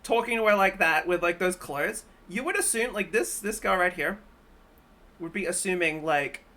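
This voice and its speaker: A woman streamer giving casual reaction commentary in an animated way, laughing often and ranting in exasperation. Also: fairly low pitch, normal speed.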